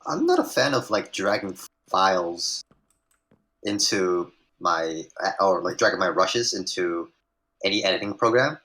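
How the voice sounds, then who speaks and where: A man with a very low but bright, forceful voice chats on a livestream. He talks hesitantly, restarting his sentences. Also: big pitch swings, measured pace. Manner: hesitant, full of fillers and restarts. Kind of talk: casual stream chat.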